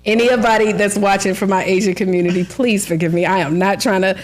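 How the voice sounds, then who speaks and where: A woman who is an author and book coach, chatting as a podcast guest, full of fillers and quick to laugh. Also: medium pitch, fairly even intonation. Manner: chatty storyteller, lots of "like" fillers, laughs often. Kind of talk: casual interview chat.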